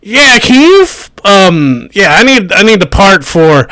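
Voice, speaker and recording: A man voicing a small, scrappy male Jawa clerk in a squeaky, hurried voice. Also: very animated, bright, forceful tone, no echo, heavily acted. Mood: eager.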